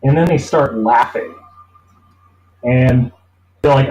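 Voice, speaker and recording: Guy rambling thru a work story, mellow dark voice, roomy echo. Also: mid-range voice, slow pace, long pauses. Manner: rambling, acts out quoted people. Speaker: interview guest. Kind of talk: casual storytelling.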